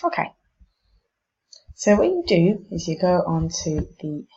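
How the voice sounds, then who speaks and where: Woman teacher, slow and careful, lowish voice, muffled lo-fi recording. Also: very animated, warm tone. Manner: demonstrates vowel sounds, slow and deliberate. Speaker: English pronunciation teacher. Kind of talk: casual instructional talk.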